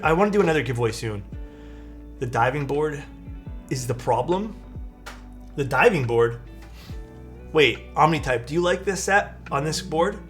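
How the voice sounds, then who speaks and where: A man streaming live, talking with his viewers in a relaxed, slightly sluggish way. He thinks out loud with fillers and restarts, in a mid-range voice. Soft music plays faintly behind him. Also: medium pitch. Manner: laid-back, thinks aloud with fillers and restarts. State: sluggish, low-energy. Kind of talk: casual live-stream chat.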